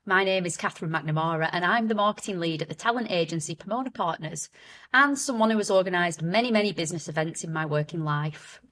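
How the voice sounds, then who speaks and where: Female podcast host, lowish voice, welcoming intro reads and responsive interviewing. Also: quick pace, fairly bright tone.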